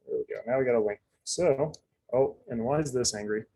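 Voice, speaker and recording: A man's voice: mid-range voice, fairly quick, mellow, slight background noise, poor audio. A man giving a casual live coding demonstration, chatty and loose, full of fillers and asides. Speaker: presenter.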